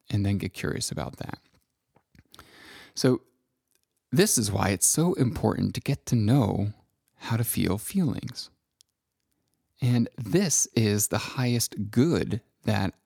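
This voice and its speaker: A middle-aged man talks in a slow, contemplative monologue, pausing often as he reflects. His low voice carries a gravelly fry. The sound is dry and close, with no room around it. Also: no room sound. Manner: slow, gentle and contemplative, with long pauses. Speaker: self-help speaker.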